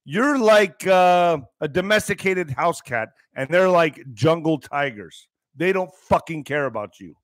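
Middle aged guy ranting sarcastic about the news, kinda high voice, dead dry mic. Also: animated, measured pace, few pauses, dry recording. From US border region. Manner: emphatic and sarcastic, with profanity. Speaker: podcast host. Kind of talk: ranting commentary reading news.

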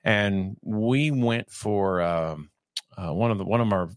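A man in his fifties from California, reading a text aloud and breaking off into halting, conversational asides. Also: on the low side, no echo, studio quality. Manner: reads evenly, then digresses in a halting conversational way. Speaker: reader and commentator.

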